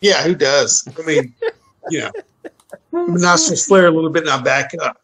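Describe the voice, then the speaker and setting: A man's voice: on the high side, huge pitch swings, moderate pace, a bit bright, rough recording. A man playing a tabletop game, describing his moves with stammering restarts. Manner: stammering restarts, laughing easily. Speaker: player. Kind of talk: casual tabletop play.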